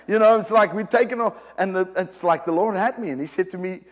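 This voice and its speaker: A man's voice: high voice, a little fast, long reverb tail. A man preaching a sermon, emphatic and direct with the congregation, often repeating and restarting his phrases.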